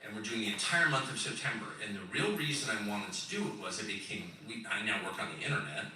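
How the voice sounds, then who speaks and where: A man in his fifties from California, hosting a live stage show with a sardonic, chuckling, animated storytelling manner in a large event hall. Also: lowish voice, fast, slight background noise. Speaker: host on a live stage tour. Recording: roomy echoing hall, distant mic.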